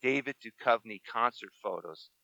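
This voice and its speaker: A man's voice: medium pitch, normal speed, creaky, bright, forceful tone, no room sound, highs cut off. A middle-aged man chatting as a podcast co-host, telling stories about himself in a wry, self-deprecating way. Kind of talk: casual chat.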